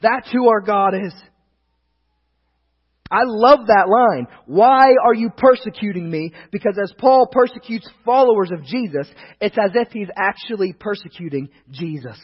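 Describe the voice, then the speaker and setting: A male pastor with a high, husky voice preaches with emphasis. He slows and swells on key lines, then sinks low and soft for asides. The recording is dull and lo-fi, with long reverb. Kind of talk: sermon.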